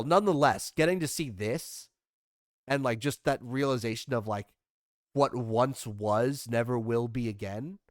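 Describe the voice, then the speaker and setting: Smooth-voiced young man rambling casually. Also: mid-range voice, no echo, clean studio sound. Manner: rambling, self-deprecating, swears casually. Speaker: streamer recapping a trip. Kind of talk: casual chat over photos.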